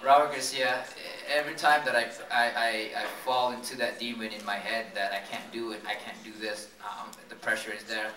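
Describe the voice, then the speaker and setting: A man's voice: mid-range voice, flat delivery, brisk, hardly any pauses, sharp tone. A man, a professional boxer, talking earnestly in a post-fight interview, often restarting his sentences. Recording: roomy and noisy from far off.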